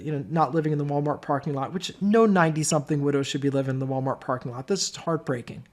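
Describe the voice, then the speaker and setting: A man giving an informal course presentation, telling stories in a conversational way. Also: on the high side. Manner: conversational storytelling. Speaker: business course instructor.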